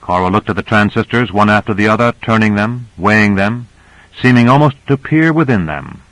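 A man reading a novel aloud as narrator in a measured, even manner. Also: on the low side, no echo, poor audio. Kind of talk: audiobook narration.

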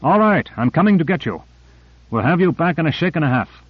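A man's voice: on the high side, big pitch swings, fairly quick, husky, no room sound, phone-quality sound, pitched above the performer's own voice. A man voicing a shaken but determined rescuer who calls out urgently while swimming. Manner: urgent, calling out.

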